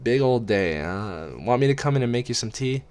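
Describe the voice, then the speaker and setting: A man's voice: mid-range voice, expressive, a little fast, darkish tone, clear, resonant tone, voice pushed up, natural voice. A man voicing a plain-spoken, affectionate middle-aged father with an easygoing, folksy manner, read as an amateur audiobook. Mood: fond.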